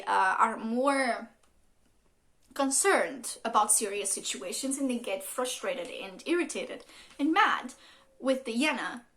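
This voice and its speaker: A woman's voice: fairly high pitch, pushed and bright. A woman giving a casual tarot reading, rambling with lots of fillers and some swearing. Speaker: tarot reader.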